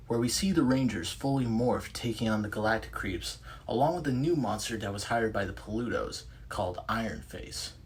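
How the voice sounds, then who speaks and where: A man's voice: lowish voice, breathy edge. A man narrating his own homemade superhero story in a plain, earnest way. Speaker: narrator and writer.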